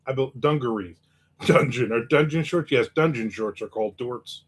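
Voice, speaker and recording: A man hosting a casual livestream, reading viewer comments aloud and answering them with quick, joking asides. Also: medium pitch. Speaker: host.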